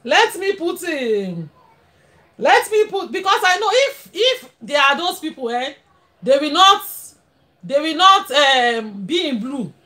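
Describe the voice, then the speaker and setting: High, lively Nigerian woman streamer. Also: takes it slowly. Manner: chatty, laughs often, switches into pidgin. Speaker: livestream host. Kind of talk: casual live-stream chat.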